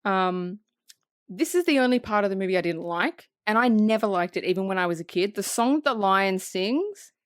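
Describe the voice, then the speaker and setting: A woman co-hosting a podcast, recapping a film in casual, profane, animated chat. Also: mid-range voice, normal speed, dry recording, clean studio sound. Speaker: podcast co-host.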